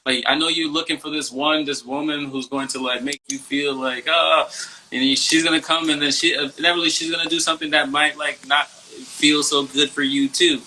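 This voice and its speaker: A young man with a strikingly bright voice talks through personal growth in a relaxed, meandering way. He circles back and restarts often, keeping a soft and sincere tone. A faint noise sits under the recording. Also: fairly high pitch, moderate pace, poor audio. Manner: soft, searching, many fillers and restarts. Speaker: podcast host and coach. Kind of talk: casual reflective conversation.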